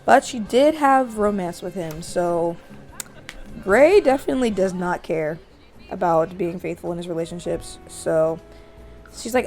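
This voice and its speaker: A woman's voice: on the low side, a little slow, darkish tone. Woman, casual let's-play narration, chatty and amused, faint game music. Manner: chatty, amused, voices characters. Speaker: gameplay narrator.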